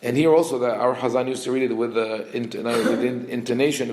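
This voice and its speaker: A man, a rabbi, gives a Torah class. He reads Hebrew verses quickly, translates them and acts out the characters' lines with lively intonation. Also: medium pitch, reverberant, poor audio.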